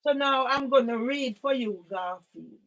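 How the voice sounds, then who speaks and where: In an author and campaigner's monologue video, a high-pitched woman rants directly at one person she's angry with. She's confrontational and unhurried, driving her points home again and again with sudden loud outbursts.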